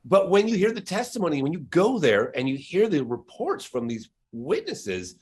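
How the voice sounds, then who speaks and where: A man's voice: fairly high pitch, sing-song, normal speed, a crowd in the background. A man who is a documentary filmmaker, talking as a guest in a casual podcast interview with emphatic, insistent stress on his words.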